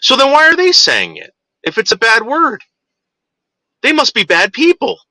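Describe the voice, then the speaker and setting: A man's voice: very high-pitched, huge pitch swings, normal speed, pushed and bright, no echo, pitched above the performer's own voice, exaggerated voice. A man voicing a naive, curious young child who keeps asking questions. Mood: puzzled.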